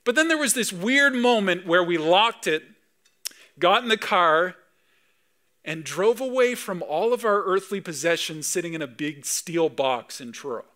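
A man from Canada in his thirties preaching a sermon in a high, bright voice. He talks in a conversational, storytelling way and rises with animation at key moments. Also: animated, unhurried. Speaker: pastor.

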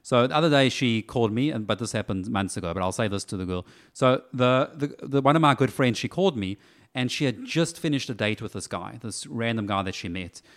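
A man who is a podcast guest and dating coach, explaining his methods step by step in a casual, animated way. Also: mid-range voice, brisk. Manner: animated, breaks points into steps.

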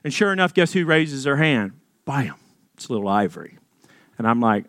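A man, a pastor telling a storytelling sermon in an animated, jokey way, acting out voices in his anecdotes. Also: fairly high pitch, fairly quick, no room sound, clean studio sound.

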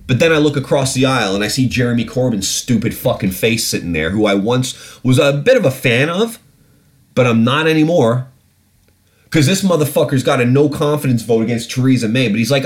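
A man's voice: mid-range voice, expressive, brisk. A British man hosting a podcast, ranting bluntly and profanely about politics. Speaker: podcast host. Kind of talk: casual ranting commentary.

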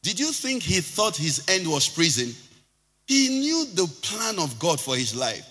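A man preaching a sermon as pastor, swinging from loud shouting to quiet, low passages. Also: big pitch swings, measured pace. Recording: music behind, long hall reverb.

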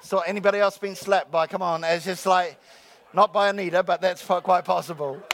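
High-voiced jokey male pastor. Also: fairly even intonation, fairly bright tone. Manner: jokey, repeats key lines slowly, calls out "come on, somebody". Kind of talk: sermon. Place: church sanctuary with congregation.

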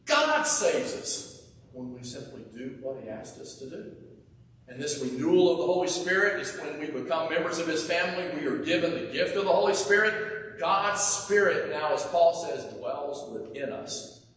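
A man preaching a sermon in an earnest, conversational way, often sinking to a soft hush at the ends of phrases. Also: on the high side, expressive, moderate pace, a little hiss or hum. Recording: echoey hall, mic from far off.

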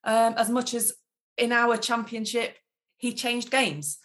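A woman's voice: a little high, flat delivery, takes it slowly, fairly bright tone. Female co-host, enthusiastic casual chat with fillers. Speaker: podcast co-host.

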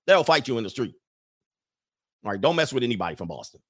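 A man's voice: mid-range voice, very animated, quick pace, a bit bright, husky, dry recording, clean studio sound. A man hosting a livestream in casual chat, rambling and laughing often as he reads out viewer messages.

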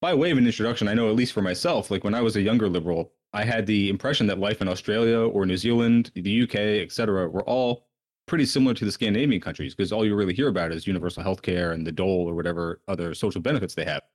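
Fast-talking deep-voiced man. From United States. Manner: brisk and chatty. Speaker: podcast host. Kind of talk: casual podcast talk.

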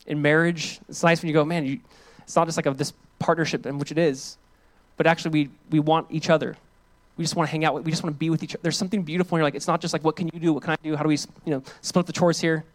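A male pastor giving a sermon. He talks casually to the congregation and reads scripture aloud with loud, rising emphasis. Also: a little high, steady tone, fast. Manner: calls on the congregation to join in.

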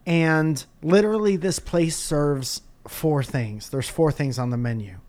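A male podcast host in casual conversation, spinning animated stories. He swears freely and throws in jokes as he rants. His talk is loose and expressive. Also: a little high, unhurried. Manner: animated storytelling, profane and jokey. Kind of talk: casual chat.

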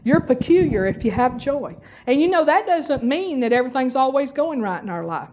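A woman's voice: sits high, sing-song, brisk, a little mellow. A middle-aged woman preaching a folksy sermon, exhorting the congregation and breaking into bursts of forced laughter.

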